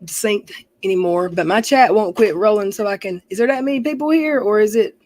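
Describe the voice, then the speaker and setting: A woman's voice: medium pitch, brisk, a little mellow, no echo, poor audio. Woman livestream host, casual storyteller, chatty and rambling, dry close sound. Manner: rambling, self-correcting, chatty.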